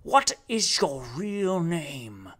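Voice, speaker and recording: A man's voice: expressive, unhurried, fairly bright tone. A man voicing a grandiose, preaching figure who lectures a crowd in solemn, declamatory tones. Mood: questioning. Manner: solemn, declamatory, booming calls.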